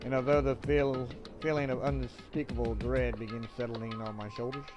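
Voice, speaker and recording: Male streamer, mid-pitched, reads game dialogue aloud with casual asides over game music. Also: little pitch movement, normal speed, poor audio. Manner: loose, joking asides between read lines. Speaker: livestreamer.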